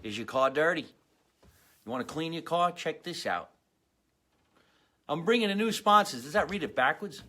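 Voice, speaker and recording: A man's voice: a little high, animated, moderate pace, long pauses, sharp tone. A man hosting a comedy podcast from a home basement, rambling through sponsor plugs and stories in a chatty, salesman-like way.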